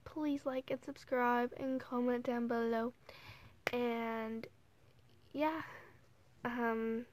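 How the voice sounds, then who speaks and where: A teenage girl vlogging casually, talking softly and hesitantly with many fillers while holding back tears. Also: a little high, fairly even intonation, takes it slowly, long pauses. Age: teens. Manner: soft, hesitant, full of "like" and "you know". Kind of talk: casual emotional vlog.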